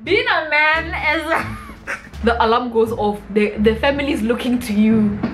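A young South African woman vlogging a comedic rant, animated and mixing local slang into her English. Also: fairly high pitch, measured pace, soft background music, low-quality recording.

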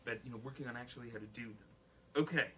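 A man's voice: mid-range voice, rapid-fire, heavy background noise. A man teaching a flute masterclass to an audience, singing rhythms on syllables, counting aloud and joking as he coaches. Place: recital room with an audience.

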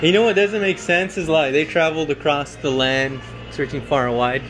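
A man's voice: on the high side, steady tone, normal speed, music in the background. A man giving rambling, profane, joking commentary on a film while carving pumpkins at home. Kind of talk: casual chat.

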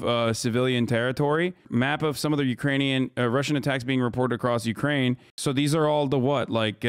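A man live-streaming, reacting to breaking news with profane, incredulous rapid-fire commentary. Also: medium pitch, clear, resonant tone, no echo, studio quality.

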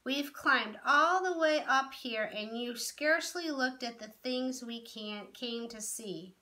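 Storybook young girl, read by a woman: earnest, hopeful, a touch pouty; bright, high and slow. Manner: earnest, protesting.

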